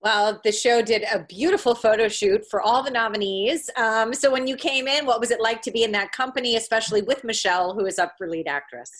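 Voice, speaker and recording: A woman interviews a guest in a rather high voice. She keeps her questions brief and attentive. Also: brisk, few pauses, a bit bright. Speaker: magazine interviewer.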